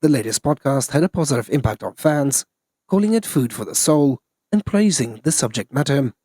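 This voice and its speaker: Husky male news narrator. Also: mid-range voice, lively intonation, normal speed, mellow, no echo.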